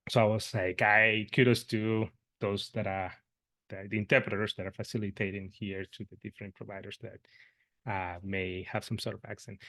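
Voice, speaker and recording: A man presenting at a workshop, an interpreter who tells a work story in an earnest, meandering way, pausing to find his words. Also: fairly low pitch, fairly bright tone, dry recording, clean studio sound. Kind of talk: conversational workshop talk, telling a work story.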